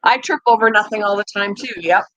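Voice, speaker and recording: A woman's voice: mid-range voice, brisk, pushed and bright, no echo, poor audio. A middle-aged woman hosting her own channel, chatting casually with viewers, self-mocking and laughing often. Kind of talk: casual chat.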